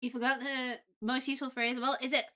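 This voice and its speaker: A woman's voice: high-pitched, flat delivery, brisk, sharp tone. A woman livestreamer chatting casually with viewers in a playful, giggly way. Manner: playful, giggly, drifts into Japanese phrases.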